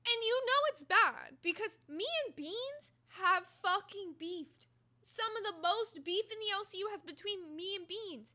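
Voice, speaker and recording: A woman's voice: very high voice, animated, unhurried, pushed and bright. A woman hosting a commentary stream, blunt and mocking, swearing freely. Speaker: host.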